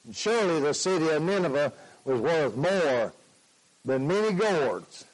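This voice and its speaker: A man preaching a sermon, slow and emphatic, repeating his points. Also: a little high, big pitch swings, poor audio.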